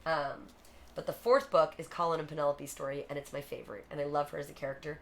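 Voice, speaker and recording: A woman live-streaming, chatting quickly and casually between songs, thanking viewers and joking about herself. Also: deep voice, steady tone, vocal fry, a little hiss or hum. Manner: quick, chatty, self-deprecating. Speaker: streamer singing covers. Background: guitar.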